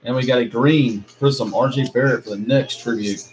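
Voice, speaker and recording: A man's voice: mid-range voice, steady tone, normal speed. A man hosting a live card break, casually rattling off player names with chatty asides and mild swearing. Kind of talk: casual live commentary while opening card packs.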